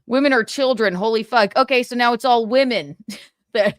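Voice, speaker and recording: A brash, profane woman hosts a casual livestream and reads her viewers' comments aloud, giggling often. Her voice sits a little high, and the close mic keeps the sound dry with no room echo. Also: fairly quick. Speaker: livestream host.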